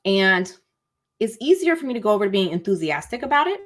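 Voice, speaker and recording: A woman's voice: medium pitch, very animated, fast talker. A woman hosting an online masterclass on emotions, chatty and colloquial, saying "y'all" and acting out example feelings in little voices. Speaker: masterclass host. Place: at home, cozy setting.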